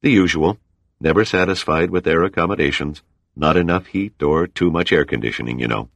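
A man's voice: low voice, brisk, no room sound. A man voicing a blunt, sarcastic male salvage crewman in an audiobook. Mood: sardonic.

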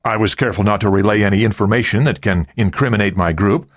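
A man voicing a smug, self-assured male hijacker in an audiobook, smooth and cocky. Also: on the low side, fast, no room sound, studio quality, close to an everyday voice.

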